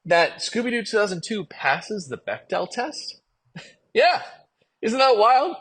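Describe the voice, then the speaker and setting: A man's voice: sits high, animated, normal speed, a bit bright, slightly rough. A man from Hawaii leaving a casual, enthusiastic voice message through an earbud mic, laughing and rambling. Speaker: listener sending a voice message.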